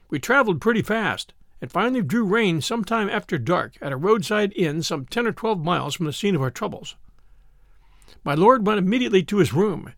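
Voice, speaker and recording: A man narrating a classic novel as an audiobook, with an expressive, dramatic reading. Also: high-pitched, creaky, dry recording, studio quality. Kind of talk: scripted storybook narration.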